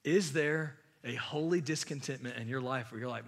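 A man preaching a sermon as pastor, impassioned, swinging from loud emphasis to hushed asides. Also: medium pitch, normal speed, gravelly.

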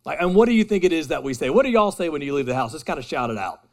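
Male pastor, thirties, slightly high voice, chatty self-mocking sermon delivery. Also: sing-song, rapid-fire, vocal fry, darkish tone. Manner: casual, self-deprecating and conversational with the congregation. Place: church hall with a live congregation.

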